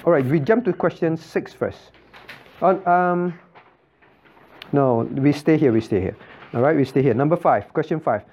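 A male pastor leads a Bible class, hammering key words and firing questions at his listeners. His voice sits a bit higher than most men's. The sound is thin and tinny, like a phone line. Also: lively intonation, normal speed, pauses often. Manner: emphatic, repeats key words and quizzes listeners with "right?". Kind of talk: interactive Bible study teaching.

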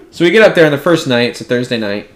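A man's voice: medium pitch, big pitch swings, fast. A man in his twenties co-hosting a podcast, telling a story casually and rambling with lots of "like". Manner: rambling, fills speech with "like". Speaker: podcast co-host.

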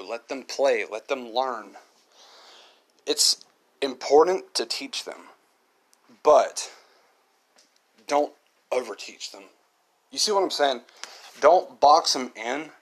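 A man hosting his own podcast, talking in an earnest, reflective monologue and often repeating himself. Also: medium pitch. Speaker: podcast host.

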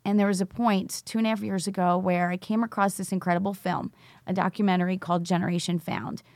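A middle-aged teacher who founded a recovery school tells her story in an interview, acting out the dialogue as she goes. Her voice is on the low side and darkish, level in tone and fast, recorded with no echo.

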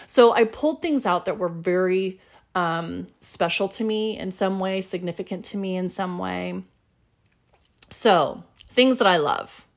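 A woman's voice: fairly low pitch, unhurried. A middle-aged woman hosting a solo podcast, talking in a chatty, upbeat way with plenty of fillers. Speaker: podcast host.

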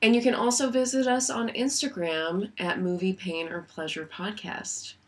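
A woman's voice: medium pitch, fairly even intonation, normal speed. A woman co-hosting a casual podcast chat, her voice cracking and sick. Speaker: podcast co-host.

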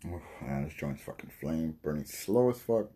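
A man hosting a podcast, rambling and swearing in a casual monologue while high and coughing from smoking. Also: animated, moderate pace, mellow, breathy edge. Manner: rambling, profane, loses his train of thought. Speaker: podcast host.

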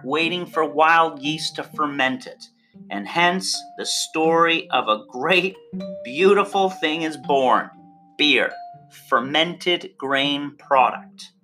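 An instructor delivers an online lecture in a bright, ringing voice. The delivery is playful and theatrical, leaning hard on words with wide leaps in pitch. A soft guitar plays faintly beneath the talk. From Canada. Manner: playful, theatrical emphasis with big swings in pitch. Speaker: course instructor.

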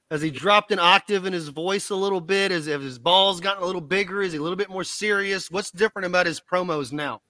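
A man's voice: sits high, quick pace, bright, forceful tone, no echo. A man hosting a casual wrestling podcast, bantering, firing off questions and laughing often. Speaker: podcast host.

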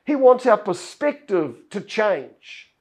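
Male pastor, higher-pitched voice, storytelling sermon delivery. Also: big pitch swings, takes it slowly, breathy edge. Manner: storytelling, acts out Bible characters' lines.

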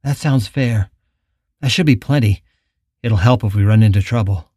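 A man voicing a determined woman who speaks calmly and reassuringly. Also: on the low side, moderate pace, husky, dry recording, clean studio sound. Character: steady determined young woman driver.

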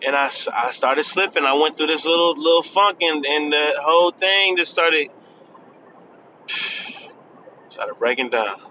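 A man's voice: fairly high pitch, fairly even intonation, normal speed, hardly any pauses, pushed and bright, muffled recording, slight background noise. A man of thirty talking in a casual, chatty vlog from his car, laughing and admitting he is nervous. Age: 30s. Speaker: vlogger. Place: in a car on the freeway.

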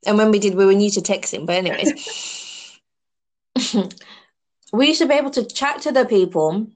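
A woman's voice: mid-range voice, moderate pace. A woman chatting casually as a podcast guest, eating snacks while she talks. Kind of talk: casual chat.

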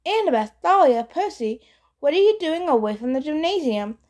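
A woman's voice: sits high, sing-song, moderate pace, darkish tone, pitched above the performer's own voice. A woman voicing a stiff, formal older schoolteacher woman in an audiobook. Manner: dazed, then stiffly formal.

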